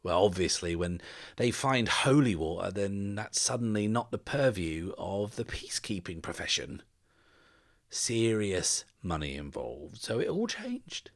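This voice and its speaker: Deep-voiced man narrating a solo game. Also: very animated, unhurried. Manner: casual, thinking aloud with fillers. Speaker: podcast host and solo game player.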